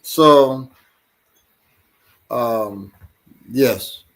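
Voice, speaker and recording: A man speaking extremely slowly in a medium-pitched, fairly bright voice co-hosts a casual podcast and also works as a self-defense trainer. He rambles with repeated words, swears now and then, and laughs easily.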